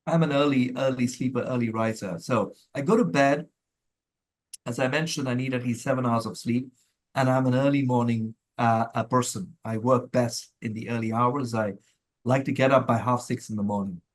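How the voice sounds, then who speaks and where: A middle-aged man from India, a mental health professional answering interview questions in a thoughtful, measured way with frequent restarts. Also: mid-range voice, fairly even intonation.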